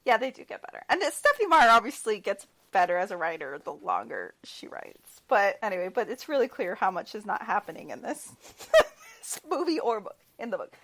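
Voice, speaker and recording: A woman's voice: medium pitch, brisk. A woman on a podcast recapping a movie in casual chat, sarcastic and prone to laughing. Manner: sarcastic, lively, laughs often. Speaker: podcast co-host.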